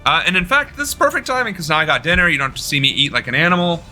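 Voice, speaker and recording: A man's voice: on the high side, expressive, racing, sharp tone, faint music behind. A young man chatting casually with his live-stream audience while playing a game, loose and joking. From United States. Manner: loose, joking, talking to chat. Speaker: political streamer.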